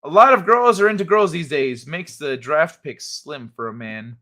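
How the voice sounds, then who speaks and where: Bright-voiced, jokey male stream host. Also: fairly high pitch, moderate pace. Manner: jokey and animated, laughs often. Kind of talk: casual chat, reading viewer comments.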